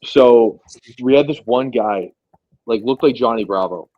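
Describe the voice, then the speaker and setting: A man's voice: medium pitch, measured pace, no echo. A man with an ordinary mid-range voice rambles through a work anecdote, full of slang and restarts. The sound is muffled and completely dry, with no room around it. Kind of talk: casual podcast chat.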